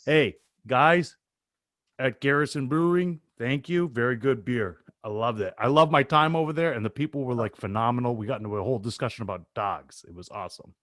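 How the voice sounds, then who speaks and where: A man's voice: medium pitch, a little fast, a bit bright, no room sound, clean studio sound. A Canadian man in his thirties co-hosting a sports podcast, laid-back and laughing easily in casual chat. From east coast of Canada. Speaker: podcast co-host.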